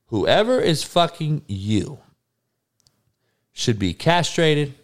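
A man's voice: medium pitch, smooth. A man hosting a podcast, delivering a crude, mocking, heated rant full of swearing. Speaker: podcast host. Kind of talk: crude ranting commentary.

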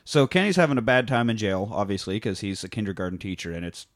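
A man's voice: on the low side, sing-song, fast, no room sound, studio quality. A man co-hosting a casual podcast, rambling and laughing as he retells a comedy film scene by scene. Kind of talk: casual chat.

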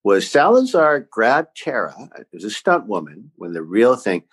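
Animated husky man riffing. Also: fairly low pitch, moderate pace. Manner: animated, jokey, playful interjections. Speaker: podcast co-host. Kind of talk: casual rewatch chat.

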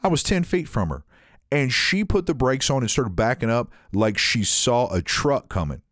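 Animated man telling a story. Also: mid-range voice, moderate pace, no echo, clean studio sound. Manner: animated, frequent restarts, mimics others in story. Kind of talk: casual storytelling chat.

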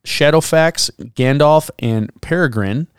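A man's voice: on the high side, takes it slowly, smooth, no room sound, studio quality. A man co-hosting a podcast, reading out research notes in casual chat and dropping wry jokes between the facts. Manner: jokey, drops wry asides between facts. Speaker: podcast co-host.

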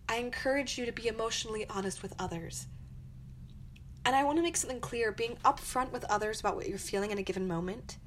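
An earnest young woman hosts her own podcast, talking through advice in an encouraging, reflective way. Her voice sits a little high, with a faint hiss behind it. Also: fairly bright tone. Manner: earnest, encouraging, acts out angry quotes. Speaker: podcast host.

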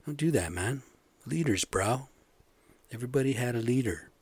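A man ranting in a profane, sarcastic monologue, swinging between loud outbursts and low muttering. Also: expressive, normal speed, slightly rough, no echo.

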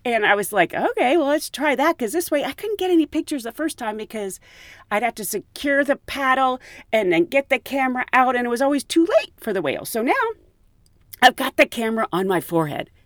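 Woman flight attendant; chatty, laughs a lot, fairly high voice. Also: fairly quick, no room sound, clean studio sound. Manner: animated, laughs often. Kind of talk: casual storytelling.

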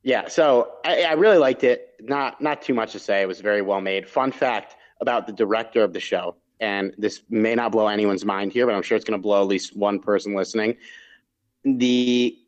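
A man's voice: lowish voice, moderate pace, lo-fi sound. A man co-hosting a podcast, chatting casually about TV shows he watched, rambling with restarts and asides. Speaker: podcast co-host reviewing TV shows. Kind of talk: casual chat.

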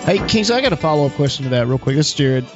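A man's voice: on the high side, very animated, racing. A man co-hosting a podcast, asking a rambling follow-up question in a casual way. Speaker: co-host. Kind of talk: podcast interview. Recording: dry, dull audio with faint music.

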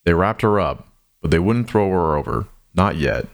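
In an animated yet measured way, a man narrates an audio drama, his deep, low voice taking each line slowly and somberly.

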